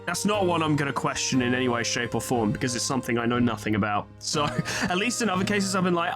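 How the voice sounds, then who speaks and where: A man's voice: fairly high pitch, animated, fast. A man playing through a story game on video, reading its dialogue aloud and adding joking, sweary commentary. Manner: joking, sweary, laughs at his own jokes. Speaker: let's play host. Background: game music.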